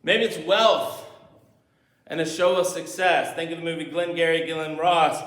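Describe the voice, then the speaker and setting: Male pastor with a somewhat high voice, storytelling sermon, echoey sanctuary. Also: steady tone, unhurried, fairly bright tone. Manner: storytelling, acting out movie scenes. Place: church sanctuary. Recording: echoey church room.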